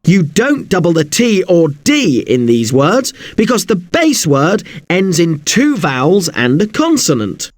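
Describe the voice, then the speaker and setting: A man teaching an English spelling lesson, spelling words out slowly letter by letter. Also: high-pitched, sing-song.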